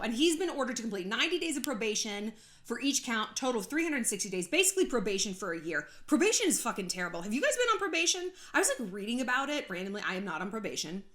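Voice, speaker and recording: A woman's voice: a little high, very animated, fast talker, fairly bright tone. A woman from California hosting a casual gossip commentary vlog, chatty and sarcastic, laughing often and swearing freely. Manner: frequent swearing. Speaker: YouTube host.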